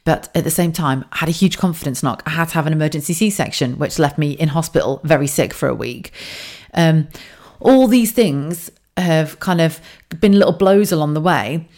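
Speaking at a normal pace in a deep, faintly mellow voice, this woman runs a solo podcast monologue that's open and profane. Her delivery wanders and self-corrects, full of laughter, tangents and fresh starts.

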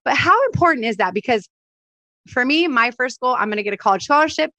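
A woman's voice: sits high, lively intonation, quick pace, pushed and bright, dry recording. A woman in her forties from Southern California, hosting a podcast interview with enthusiasm and relating her own stories. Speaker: podcast host. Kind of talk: casual interview.

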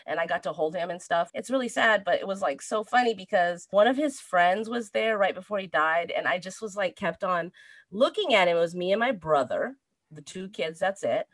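A woman in her thirties with a somewhat low voice, telling a story in a relaxed chat. She talks in an animated, expressive way. The sound is dry and close. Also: fairly quick, no echo. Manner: animated storyteller, laughs through a sad tale. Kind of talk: casual chat.

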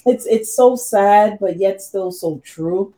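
A woman chatting casually about faith, telling an animated family story and quoting her relatives. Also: mid-range voice, slow pace, a crowd in the background, rough recording.

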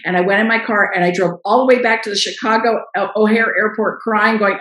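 A middle-aged woman, a guest in a casual interview, telling stories lively and acting out what others said. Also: mid-range voice, a little fast, few pauses, roomy sound, rough recording. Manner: animated storyteller, acts out quoted voices.

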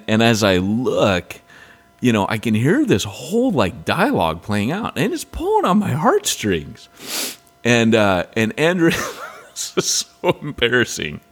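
A low-pitched man on a casual podcast, spinning a rambling personal story. His voice swings widely in pitch, and he leaps high whenever he mimics someone else. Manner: animated storyteller, raises pitch when quoting his wife; rambling, many restarts. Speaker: podcast co-host. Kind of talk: casual chat.

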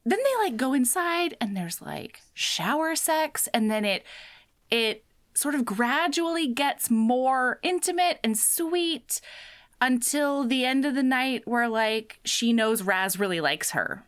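Animated, lively-voiced woman telling a story. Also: high voice, slow pace. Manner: animated storytelling with acted quotes and swearing. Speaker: podcast co-host recapping a book. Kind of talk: casual chat.

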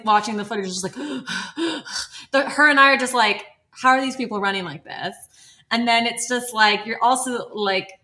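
A young woman with a bright, forceful voice tells lively field stories in a relaxed podcast chat. She laughs often and slips into quoting others, and her pitch sits a little high. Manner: animated, laughing, quotes people often. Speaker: guest, wildlife filmmaker. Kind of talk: casual podcast storytelling.

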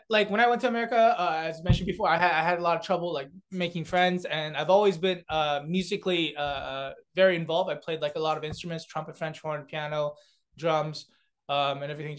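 A man's voice: fairly high pitch, fairly bright tone. A young man from South Korea, a comedian and beatboxer, chatting as a guest with lots of fillers, restarts and laughter. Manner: rambling, many filler words and restarts, laughs often. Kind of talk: casual interview chat.

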